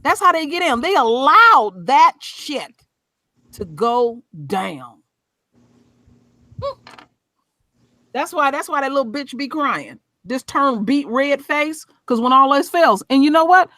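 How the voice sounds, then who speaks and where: A woman's voice: high-pitched, lively intonation, a little slow, bright, forceful tone, no echo. A woman hosting a casual chat, talking bluntly and emphatically with plenty of swearing.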